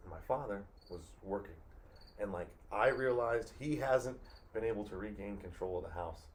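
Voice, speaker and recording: A man's voice: lowish voice, normal speed, slight background noise. A man co-hosting a casual podcast, rambling through a family story and swearing often. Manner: rambling, swears a lot, acts out family quotes. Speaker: podcast co-host. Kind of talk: casual profane chat.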